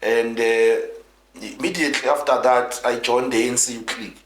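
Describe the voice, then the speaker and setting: The guest is a male politician from South Africa whose medium-pitched voice holds a steady tone at a moderate pace. Interviewed about his life, he tells his story earnestly but ramblingly, with many restarts, in a recording with roomy echo.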